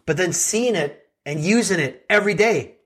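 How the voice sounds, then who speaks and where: A man's voice: sits high, animated, normal speed, a bit bright, slightly rough. A middle-aged man hosting a podcast, giving an earnest motivational talk full of rhetorical questions to his listeners. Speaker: podcast host and coach.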